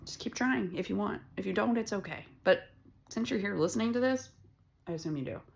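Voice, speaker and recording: A woman's voice: mid-range voice, animated, fairly quick, vocal fry. Blunt, rambling woman reading tarot. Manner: blunt and profane, rambling and conversational. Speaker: tarot reader. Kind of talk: casual tarot reading monologue.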